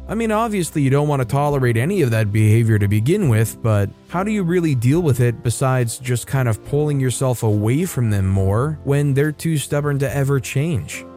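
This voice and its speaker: Male story narrator, conversational reading, warm mellow timbre. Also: mid-range voice. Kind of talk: reading online stories aloud. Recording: faint background music. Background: soft background music.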